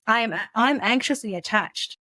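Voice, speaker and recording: A woman guest telling a personal story in a halting, reflective way, with frequent restarts and soft laughs. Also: on the high side, no echo. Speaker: podcast guest.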